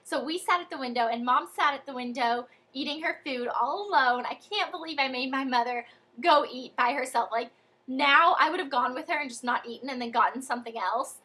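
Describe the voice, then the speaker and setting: A young American woman chatting through a childhood story in a casual vlog, animated and full of fillers. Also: high voice, a little fast, slightly rough. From United States. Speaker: vlogger.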